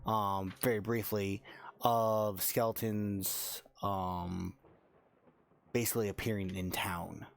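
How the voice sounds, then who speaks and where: A man running a tabletop role-playing game as dungeon master, narrating calmly with frequent pauses. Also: on the low side, creaky. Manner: calm, measured, with frequent 'um's.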